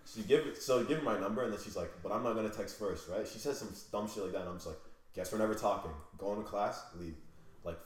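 A young man in casual chat, telling a story animatedly with lots of swearing and acted-out dialogue. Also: low-pitched. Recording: echoey room.

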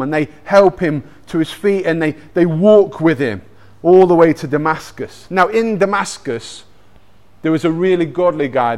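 Animated man telling a Bible story. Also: on the high side. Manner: animated, with acted-out moments and personal anecdotes. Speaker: speaker retelling a Bible story. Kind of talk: lively storytelling talk.

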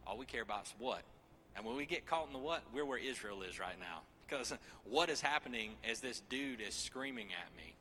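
A man in his thirties preaching a sermon, joking with the congregation in lively asides. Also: medium pitch, slight background noise. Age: 30s.

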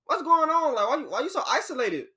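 A man's voice: very high-pitched, fast talker. A young man hosting a podcast from an apartment, ranting casually in loose slang. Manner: loose, animated slang-heavy rant. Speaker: podcast host.

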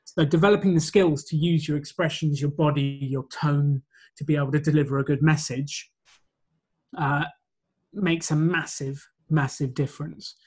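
A man's voice: a little high, steady tone, normal speed, a little mellow, breathy edge. A man being interviewed about his work as a presentation coach, explaining his points in a confident, orderly way. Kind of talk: conversational interview.

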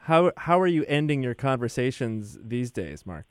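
A man's voice: medium pitch, big pitch swings, moderate pace, clear, resonant tone, no room sound. A man co-hosts a radio advice show and chats in a friendly, curious way. He asks callers follow-up questions in a mid-range voice. The sound is close and dry. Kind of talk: casual chat.

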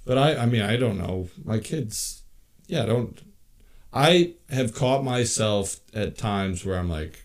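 A man in his thirties co-hosting a podcast, chatting casually and telling stories in an animated, joking way. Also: on the low side, slow. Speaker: podcast co-host. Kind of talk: casual chat.

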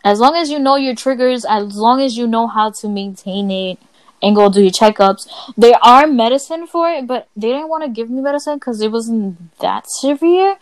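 A woman's voice: on the high side, moderate pace, no room sound, low-quality recording. Blunt, profane woman chatting casually. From Latina. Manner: blunt, profane, animated storytelling. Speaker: podcast co-host. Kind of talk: casual chat.

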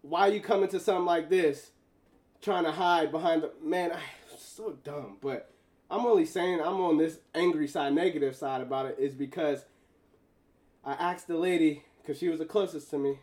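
A man casually telling a long personal story to his viewers, animated and slangy, laughing as he goes. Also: on the high side, moderate pace.

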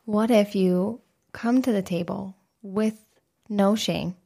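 A woman's voice: medium pitch, slow pace, vocal fry, mellow, slightly rough. A woman co-hosting a podcast, talking frankly and candidly in casual chat, with free swearing. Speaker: podcast co-host.

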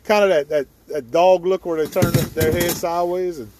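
A man's voice: high voice, steady tone, moderate pace, background noise. A man, hosting a hunting video and telling a story outdoors with frequent laughter. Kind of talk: casual storytelling. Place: outdoors at a boat launch before dawn.

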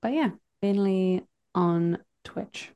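A woman co-hosting a movie podcast, talking in a relaxed, easygoing way about films she loves. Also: medium pitch, slow, clean tone. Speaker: podcast co-host. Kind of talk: casual chat.

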